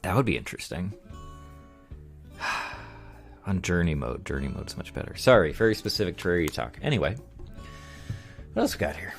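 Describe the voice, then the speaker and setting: A man with a deep, low voice chats casually on a live stream, reading viewer comments aloud and chuckling as he rambles. Faint music plays quietly underneath. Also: big pitch swings, moderate pace, creaky, long pauses. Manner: rambling, reads chat aloud, chuckles often.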